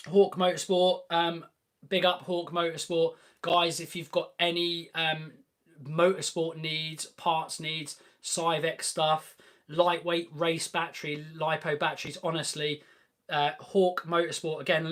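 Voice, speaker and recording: Young male host, fairly high voice, casual and upbeat car-chat delivery, lots of ums. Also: flat delivery, unhurried, fairly bright tone. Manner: chatty and enthusiastic, many ums and restarts. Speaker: host of a car channel live Q&A. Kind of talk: casual live-stream Q&A chat.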